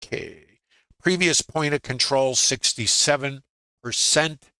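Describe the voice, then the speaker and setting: A man's voice: mid-range voice, takes it slowly, pushed and bright, smooth, no echo, poor audio. An older man teaching a live trading webinar, talking conversationally with dry humor and frequent filler words. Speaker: trading educator.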